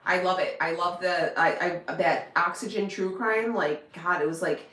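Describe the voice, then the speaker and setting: A woman's voice: lowish voice, moderate pace, hardly any pauses, a bit bright. A woman vlogger chatting casually to her viewers, rambling with lots of fillers and restarts. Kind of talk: casual chat to camera. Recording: echoey room.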